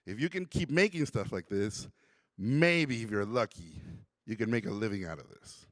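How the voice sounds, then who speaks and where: A man voicing a gruff, blunt older male art teacher with a Hungarian accent, speaking slowly and emphatically. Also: fairly low pitch, expressive, a bit bright, dry recording, studio quality, voice pushed down. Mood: emphatic. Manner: slow, stern, emphatic pronouncements.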